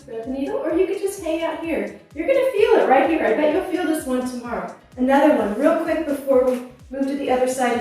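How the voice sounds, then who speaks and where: Breathless but encouraging, a woman in her fifties coaches a core workout exercise by exercise. She has a high-pitched, warm voice. It's captured on a clip-on mic that sounds distant in an echoey room with music playing.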